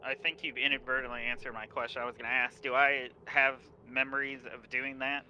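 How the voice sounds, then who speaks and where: A man's voice: mid-range voice, flat delivery, brisk, pushed and bright, slight background noise, rough recording. A man playing in a tabletop game, casual and asking questions. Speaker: player.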